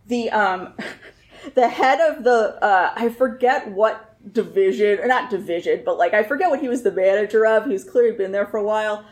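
A woman's voice: mid-range voice, normal speed. Wry laughing woman storyteller, roomy sound. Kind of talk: personal storytelling.

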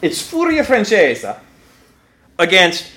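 A man telling a funny story live on stage, animated, breaking into laughter and restarting sentences. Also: sits high, slow. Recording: echoey room with background noise.

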